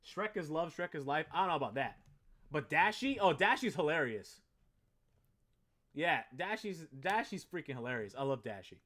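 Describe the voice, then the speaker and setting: A young man streaming live, chatting loosely with viewers in an excitable, rambling way and swearing freely. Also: a little high, normal speed. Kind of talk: casual live-stream chat.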